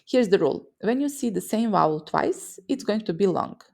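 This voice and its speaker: A woman from a Serbian-speaking region teaches pronunciation in a scripted lesson, her voice carrying heavy vocal fry. She talks in a lively way, building a vivid mental picture for each sound. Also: medium pitch, normal speed. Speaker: language teacher.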